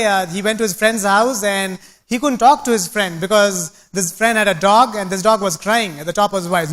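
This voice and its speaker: A man's voice: high-pitched, fairly bright tone. A man giving an emphatic, preachy motivational stage talk, repeating phrases for effect. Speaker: motivational speaker.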